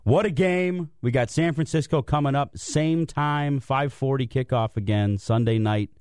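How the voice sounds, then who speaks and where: Casual male radio guest, animated storyteller, dry studio sound. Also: medium pitch, moderate pace, clear, resonant tone, no echo. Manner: animated storytelling, self-mocking. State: out of breath from cold. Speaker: guest commentator.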